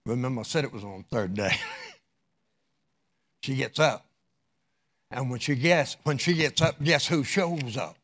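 A man preaching a sermon through a dramatic story, with his voice rising loud and dropping low. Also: unhurried, long pauses. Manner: dramatic, wide swings in loudness.

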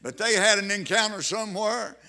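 A man's voice: high voice, fairly quick, sharp tone. A man preaching a fervent sermon, repeating phrases and calling out hallelujahs.

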